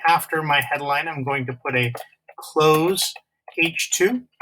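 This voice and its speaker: Bright-voiced man teaching a coding lesson. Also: on the high side, a little hiss or hum, rough recording. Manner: halting, many uh fillers, step by step. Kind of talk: screen-recorded coding lesson.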